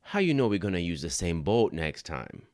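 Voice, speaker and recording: A man voicing a slow-witted old Cajun fishing buddy in a thick Cajun accent, asking puzzled questions. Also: low voice, sing-song, a little mellow, no echo, studio quality.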